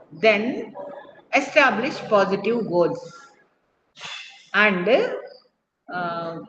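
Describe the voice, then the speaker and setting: A woman with an Indian English accent giving an online counselling lecture, explaining step by step, repeating key phrases and pausing with fillers. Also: a little high. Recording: echoey, dull lo-fi online lecture audio with background noise.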